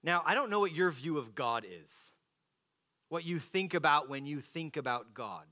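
A man preaching a sermon, earnest, moving from loud emphatic lines to slow, hushed ones. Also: fairly high pitch, animated. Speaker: pastor.

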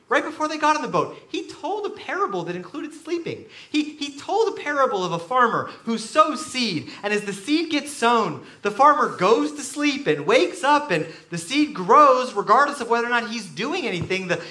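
A man preaching a sermon to a room full of listeners, swinging between quiet reflection and loud emphasis as he acts out quoted voices. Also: very high voice, echoey room. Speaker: pastor. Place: large room with an audience.

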